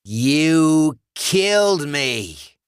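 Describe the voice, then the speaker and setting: A man voicing a rotting undead ex-boyfriend with a croaking, death-rattle voice, slow and menacing. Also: on the low side, expressive, a bit bright, no room sound, studio quality, exaggerated voice. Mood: raging. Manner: slow, drawn-out, sing-song menace.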